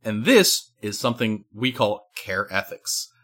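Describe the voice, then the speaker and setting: A man's voice: fairly low pitch, very animated, a little slow, fairly bright tone. A man co-hosting a casual discussion, lecturing at length and checking in with "right?". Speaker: podcast co-host.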